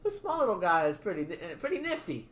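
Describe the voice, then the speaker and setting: A tabletop game player making quick quips and laughing. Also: mid-range voice, very animated, a little hiss or hum. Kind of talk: casual tabletop play.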